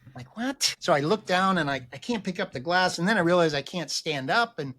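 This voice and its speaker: A middle-aged man, a podcast guest, telling a personal story in an animated way, acting out other people's voices and often restarting his sentences. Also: on the high side, brisk, dry recording. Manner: acts out quoted voices, frequent restarts.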